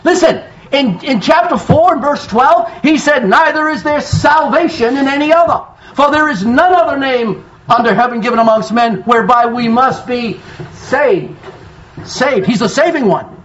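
High-voiced emphatic man preaching. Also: expressive, moderate pace, a bit bright. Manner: emphatic preaching, quotes scripture, calls for responses. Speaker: pastor. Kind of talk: sermon. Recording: dull lo-fi sound.

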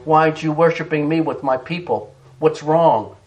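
A male preacher voicing the Lord as a gentle male figure who softly questions a runaway in a low, coaxing voice. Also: moderate pace, far from the mic, highs cut off, lightly acted. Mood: gently coaxing. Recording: roomy echo.

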